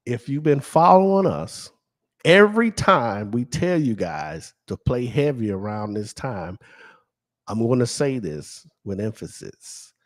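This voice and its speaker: Slow, emphatic man hosting a live stream. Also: mid-range voice. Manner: emphatic, asks and answers his own questions. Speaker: lottery stream host. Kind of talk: live-stream screen walkthrough.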